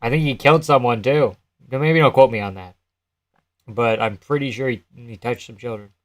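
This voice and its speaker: A young man streams live at a normal pace, his voice sitting in the usual middle range for a man. Chatting loosely with viewers, he laughs frequently, swears freely, and replies to chat between his remarks.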